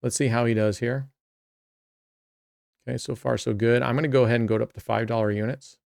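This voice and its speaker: A man's voice: mid-range voice, fairly even intonation, fairly quick, creaky, darkish tone, dry recording, studio quality. A man hosting a casual play-by-play of his own online roulette session, chatty and talking to himself and to viewers. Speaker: host.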